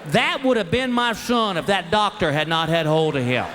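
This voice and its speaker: A middle-aged man, telling a stand-up comedy story with animated delivery and acted-out voices, sometimes shouting punchlines. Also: sits high, normal speed. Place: stage before a live audience. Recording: live show with crowd laughter and noise. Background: audience laughter.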